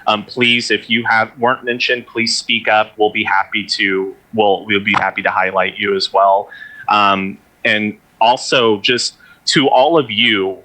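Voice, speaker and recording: A man organizing a convention, giving earnest, halting thanks on a livestream. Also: lowish voice, fairly even intonation, sharp tone, poor audio. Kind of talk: casual livestream closing remarks.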